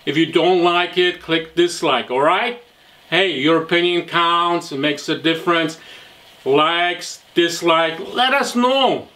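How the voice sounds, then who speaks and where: A man's voice: fairly high pitch, slow, pushed and bright. A man doing a mock-earnest comedy bit as a presenter, rambling loosely from point to point.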